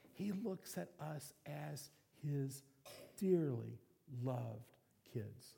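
Gravelly-voiced man preaching a sermon. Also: on the high side, drawn-out words. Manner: animated, acting out little voices and quotes. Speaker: pastor.

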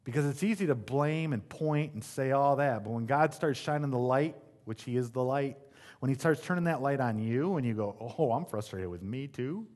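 A man's voice: mid-range voice, normal speed, darkish tone. A male pastor preaching a sermon in a conversational, emphatic way, with asides to the congregation.

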